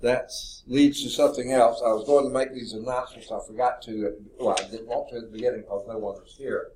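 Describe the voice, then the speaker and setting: In a lecture classroom, a male math professor talks fast in a steady, mid-range voice that's slightly mellow. He rambles and thinks out loud, saying okay often, over a faint hiss or hum.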